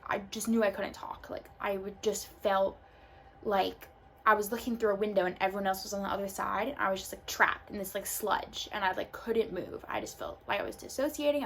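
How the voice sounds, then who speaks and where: A woman's voice: medium pitch, a bit bright. A young woman telling a personal story in a casual vlog, full of "like" and loose asides. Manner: casual, filler-heavy storytelling. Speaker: vlogger. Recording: faint background noise.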